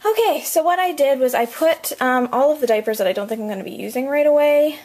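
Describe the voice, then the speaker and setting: A woman's voice: high voice, animated, quick pace, a little mellow. A young woman giving a casual vlog tour of a home nursery, out of breath and chatty, full of ums and likes, trailing off as she moves around. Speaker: vlogger.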